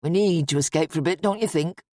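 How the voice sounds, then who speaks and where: A woman voicing a weary but kindly middle-aged father with a wry, calm manner. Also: low voice, quick pace, dry recording, clean studio sound, close to an everyday voice.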